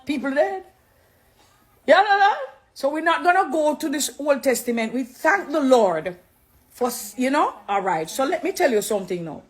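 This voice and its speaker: Her high voice swings widely in pitch as she speaks at normal speed. She's a middle-aged Jamaican woman, once a dancehall artist and now Christian, warmly preaching to her live-video viewers and switching between English and patois.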